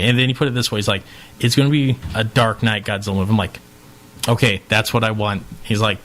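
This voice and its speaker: A man co-hosting a podcast in casual chat, telling a long anecdote with lively acted-out quotes and some swearing. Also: on the low side. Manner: animated storyteller, acts out quotes, swears. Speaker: podcast co-host.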